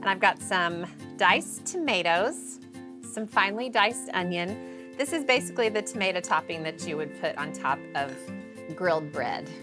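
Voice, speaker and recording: A woman with a fairly low, lively voice hosts a casual cooking demo in her home kitchen, speaking at normal speed. She's chatty and playful with the crew while background music plays and a pan sizzles.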